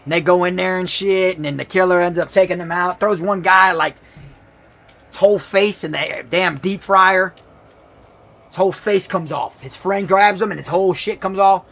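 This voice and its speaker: A man's voice: high-pitched, normal speed, creaky, fairly bright tone. A man streaming a horror game, rambling through movie plots in loose, slangy storytelling full of restarts. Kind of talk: casual gaming stream chat.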